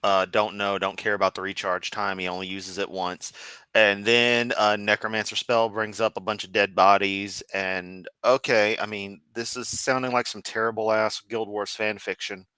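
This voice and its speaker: A man giving sarcastic, profane reaction commentary on a video he is watching, with deadpan asides. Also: fairly low pitch, moderate pace, smooth, no room sound.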